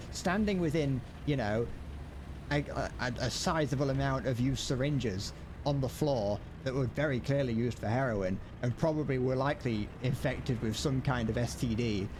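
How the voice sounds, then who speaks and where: A man's voice: mid-range voice, noisy background. A young British man chatting casually while gaming on a live stream, rambling and self-deprecating, swearing now and then and tripping over restarts.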